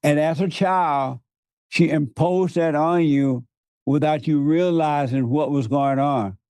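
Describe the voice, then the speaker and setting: A man's voice: on the high side, takes it slowly, a little mellow, smooth, no room sound. A man preaching in conversation, emphatic, repeating words for stress and laughing often. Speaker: guest preacher.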